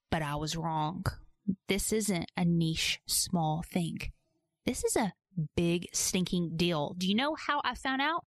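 Playful, animated woman podcast host. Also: medium pitch, normal speed, dry recording. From Georgia, US. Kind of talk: casual podcast narration.

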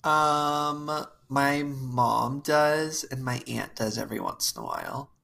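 Podcast co-host, a woman with a very low, husky voice who tells stories in casual chat. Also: big pitch swings, slow pace, a bit bright. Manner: storytelling, quoting family in put-on voices.

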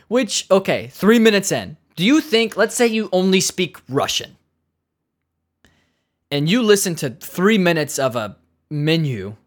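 Profane, exasperated comedian with swinging pitch. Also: big pitch swings, takes it slowly, pauses often. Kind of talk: comedic rant.

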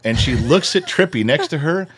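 Middle-aged man, casual co-host, animated swearing storyteller with a lively, swooping pitch. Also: normal speed, a crowd in the background. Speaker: podcast co-host. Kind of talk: casual chat.

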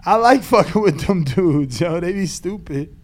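A man co-hosting a podcast in casual, profane chat, dropping to mumbles and then bursting out loud. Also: sits high, lively intonation, normal speed. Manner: loose, profane, swings between mumbling and loud outbursts. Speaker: podcast co-host.

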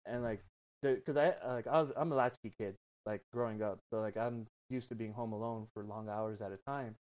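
A man's voice: fairly low pitch, brisk, a little mellow, highs cut off. A man on a podcast telling a story in a rambling, casual way, full of swearing and filler words. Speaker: podcast guest.

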